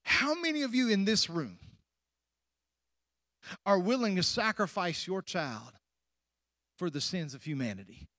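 High-pitched preaching man, dry close mic. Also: sing-song, no room sound. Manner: preaching with sudden rushes and drawn-out, hushed endings; questions the congregation directly. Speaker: pastor. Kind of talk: sermon.

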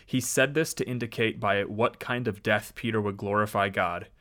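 A man's voice: fairly low pitch, steady tone, normal speed, fairly bright tone. A man hosting a faith podcast, chatting loosely with many fillers and restarts, then reading a Bible passage aloud. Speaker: podcast host.

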